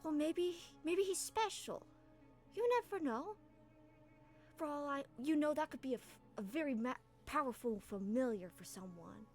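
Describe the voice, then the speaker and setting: A woman's voice: high-pitched, animated, moderate pace, a little mellow, faint music behind, voice pushed up. A woman voicing an upbeat, chatty female gnome who teases her friend in a tabletop game. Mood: encouraging.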